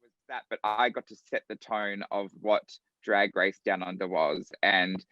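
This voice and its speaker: A man with an Australian accent, a drag performer talking as a guest in a casual interview, animated and quick to laugh. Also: lowish voice, dry recording, dull audio. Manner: animated, laughing, acts out quotes.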